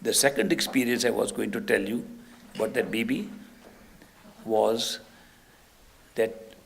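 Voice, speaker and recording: A man giving a spiritual discourse, telling stories in an unhurried way with soft laughs. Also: lowish voice, creaky, slight background noise. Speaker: spiritual teacher.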